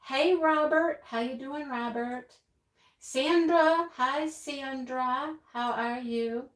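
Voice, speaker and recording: A woman with a high voice speaks slowly as she hosts a laid-back craft livestream, chatting, greeting viewers one at a time and laughing often. The room is echoey, and her own speakers feed back into the mic.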